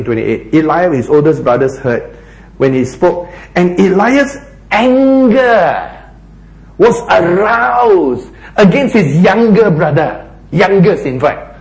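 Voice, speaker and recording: Male pastor, slow deliberate preaching, lively swooping pitch, somewhat high voice, echoey hall. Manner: emphatic, animated preaching with dramatic quoted lines. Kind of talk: sermon.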